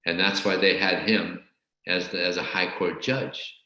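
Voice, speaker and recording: A man teaching a scripture class and telling a story in a halting way, often repeating words. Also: sits low, level tone, pushed and bright, muffled recording. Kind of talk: storytelling religious lecture. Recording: very echoey room.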